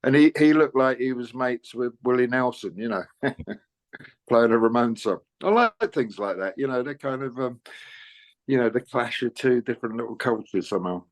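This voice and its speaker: An older man, telling anecdotes in a casual interview, full of "you know"s and quick laughs. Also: mid-range voice, animated. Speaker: interviewed musician.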